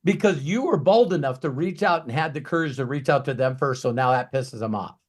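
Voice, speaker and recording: A man coaching in a Q&A talk, emphatic and ranting, swinging from quiet asides to loud bursts. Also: medium pitch, a little fast. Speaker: business coach.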